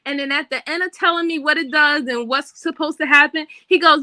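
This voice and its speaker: A woman telling a story in a casual chat, animated and acting out the voices she quotes. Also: high voice, a little fast, dry recording. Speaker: panelist.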